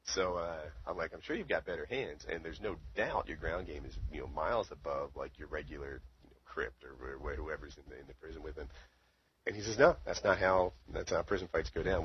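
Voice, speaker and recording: A man's voice: low voice, a little fast, slight background noise. A man telling a long story in casual chat, rambling with lots of fillers. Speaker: podcast co-host. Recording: dull lo-fi audio.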